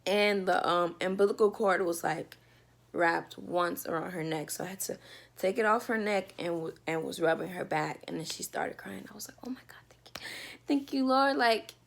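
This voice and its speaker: A woman's voice: lowish voice, moderate pace, creaky. A woman telling a personal story in a casual storytime vlog from her bedroom, talking loosely with lots of fillers. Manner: chatty, loose, with many fillers. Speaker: vlogger telling a birth story.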